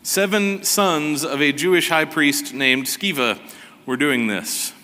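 A man preaching a sermon as pastor, slow and emphatic with a sarcastic edge. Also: a little high, pushed and bright, long reverb tail.

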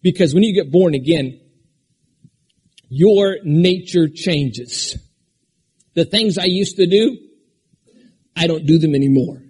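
Husky, high-voiced preaching man. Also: slow, long pauses. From Alaska. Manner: preaching with sudden shouts and drops to a quiet conversational tone. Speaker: pastor. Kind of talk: sermon.

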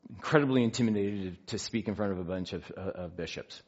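A man telling a personal story in an animated way, acting out the quotes. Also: fairly low pitch, fast. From United States. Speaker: speaker sharing a faith story. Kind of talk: storytelling talk. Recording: dull lo-fi recording.

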